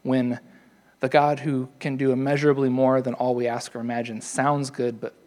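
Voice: medium pitch, level tone, moderate pace, darkish tone. A preacher giving a sermon in a chatty, storytelling way with playful asides.

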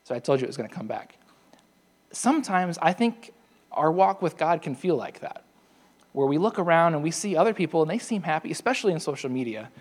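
Chatty preacher with a lively voice. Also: mid-range voice, fairly quick. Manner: chatty, storytelling, self-deprecating asides. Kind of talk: sermon.

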